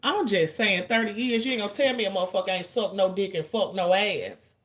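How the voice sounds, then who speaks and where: A woman in her forties hosting a livestream, venting to her chat in a blunt, profane, rapid-fire way and stretching out the lines she wants to stress. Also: mid-range voice. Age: 40s. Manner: drawn-out emphatic lines. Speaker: livestream host. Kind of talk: casual ranting to chat.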